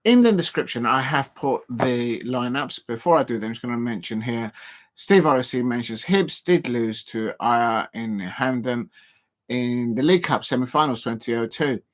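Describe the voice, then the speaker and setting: A man talks casually through a live football stream, speaking from a seated spot at home. His pitch sits in a middle range, and he meanders, restarting sentences and filling gaps with ums. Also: lively intonation, normal speed. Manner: rambling, many ums and restarts, chatty asides to viewers.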